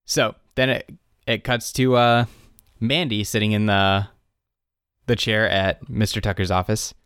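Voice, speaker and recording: Young male podcast co-host, animated recap, smooth clear tone, dry close sound. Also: fairly low pitch, measured pace, no echo. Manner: animated retelling, quotes characters in raised voices. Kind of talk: casual chat.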